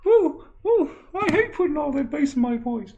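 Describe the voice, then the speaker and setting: A man voicing a whiny, excitable young boxer in a squeaky high voice. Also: moderate pace, muffled recording.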